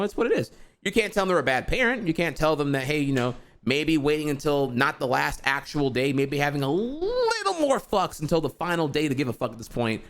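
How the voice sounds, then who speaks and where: A man's voice: a little high, fairly bright tone. A young man ranting heatedly to his stream audience, profane and rambling, full of fillers like "dude" and "bro". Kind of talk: casual ranting monologue.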